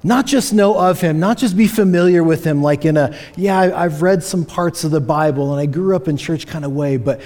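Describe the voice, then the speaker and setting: Earnest preaching man, mellow voice. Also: a little high. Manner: earnest, emphatic, repeats key phrases. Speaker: pastor. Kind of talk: sermon. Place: church sanctuary.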